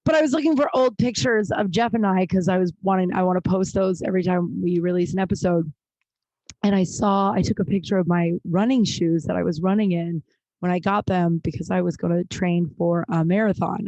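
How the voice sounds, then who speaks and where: A woman's voice: fairly low pitch, mellow, no room sound, dull audio. A woman hosting her own podcast, chatting candidly and rambling with frequent restarts, sounding tired and overwhelmed. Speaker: podcast host. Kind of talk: casual solo podcast chat. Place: small closet at home.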